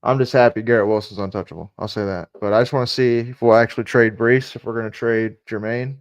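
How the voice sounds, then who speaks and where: A man's voice: lowish voice, fairly even intonation, fast talker. A man casually talking through a live sports stream, repeating himself and muttering asides. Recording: dull lo-fi stream audio.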